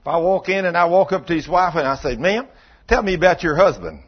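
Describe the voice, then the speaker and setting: A preacher man tells sermon stories in a folksy way, acting out both sides of each conversation. His voice sits a little high and sounds husky. The recording is dull and lo-fi. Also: animated, a little fast. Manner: folksy, acts out dialogue, drops to low intense tones. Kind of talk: sermon storytelling.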